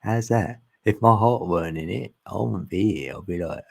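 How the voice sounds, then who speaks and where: A man's voice: fairly low pitch, normal speed, creaky, breathy edge. A man talking casually and ramblingly as a channel host, often laughing. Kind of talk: casual spiritual chat. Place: long live stream.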